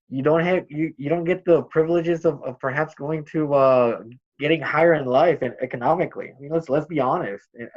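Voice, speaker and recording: Halting man on a dull lo-fi line. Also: a little high, a little mellow. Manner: halting, searching for words with many fillers. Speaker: guest. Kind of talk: casual discussion.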